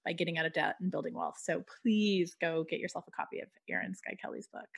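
A woman's voice: lowish voice, steady tone, fast talker, creaky. Effusive woman podcast host. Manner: effusive, talks with many "like" fillers. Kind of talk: casual interview chat.

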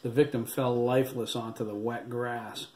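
A man reading his own novel aloud as an audiobook, in a steady, dramatic storytelling manner. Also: mid-range voice, moderate pace. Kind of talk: audiobook narration. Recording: roomy echo, faint background hiss.

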